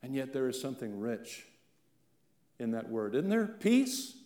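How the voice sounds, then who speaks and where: A male pastor from central Appalachia preaching a sermon, swinging from loud declarations down to hushed, almost whispered lines. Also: mid-range voice, sing-song, a little slow. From central Appalachia, Virginia and eastern Kentucky. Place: church sanctuary. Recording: echoey church room.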